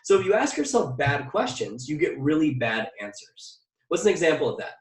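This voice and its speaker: A man coaching a motivational workshop, full of energy and firing questions at his listeners. His voice sits a little high for a man and sounds a bit set back from the mic. The room around him rings with echo. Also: brisk. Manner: energetic, asks the audience direct questions; drills phrases by repetition. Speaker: mindset coach. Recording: echoey room, distant mic.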